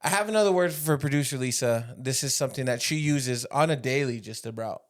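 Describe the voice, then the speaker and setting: A man's voice: mid-range voice, fairly quick. A young man co-hosting a podcast, teasing and emphatic in casual banter. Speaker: podcast co-host.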